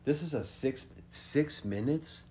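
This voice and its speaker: An excitable man tears through a music reaction chat, cursing freely and laughing between remarks. His voice sits at an ordinary middle pitch. A faint hiss of background noise runs under the talk. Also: takes it slowly. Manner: loud, profane and animated, laughing often. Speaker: podcast co-host.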